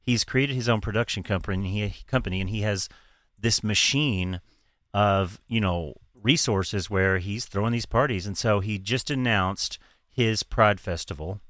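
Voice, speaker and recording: A man hosting a podcast, talking in a loose, chatty way with frequent laughter and casual swearing. His voice is forceful and a little low. It is recorded dry and close. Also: moderate pace, dry recording. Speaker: podcast host. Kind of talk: casual chat.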